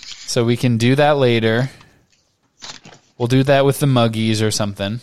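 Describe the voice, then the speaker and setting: A man co-hosting a podcast, reading a novel aloud in a steady, measured way. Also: medium pitch, clean tone. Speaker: podcast co-host.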